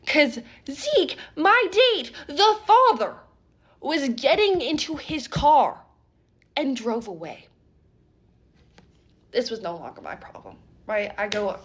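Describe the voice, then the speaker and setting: Speaking slowly with long pauses in a high voice, a young woman retells a wild dating tale for her storytime vlog. Her delivery is casual yet animated and dramatic, often punctuated by "okay?"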